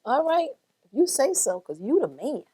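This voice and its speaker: A woman hosting a web talk show, lively and encouraging, laughing often with her guests. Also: sits high, moderate pace, breathy edge. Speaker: host. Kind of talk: upbeat cooking and interview show.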